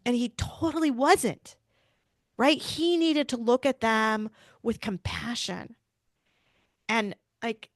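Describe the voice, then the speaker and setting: A woman's voice: a little high, slow pace, pauses often, no room sound. Earnest middle-aged woman, dry close sound. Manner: earnest, searching, frequent restarts and "like". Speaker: pediatrician and bereaved mother, guest. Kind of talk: heartfelt interview storytelling.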